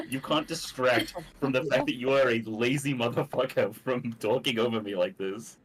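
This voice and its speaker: A man's voice: mid-range voice, fairly even intonation, moderate pace, hardly any pauses, a little hiss or hum, low-quality recording. A man playing a tabletop game over a voice call, swearing and ranting in mock anger at his friends. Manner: profane, mock-angry ranting. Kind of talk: casual gaming banter on a voice call.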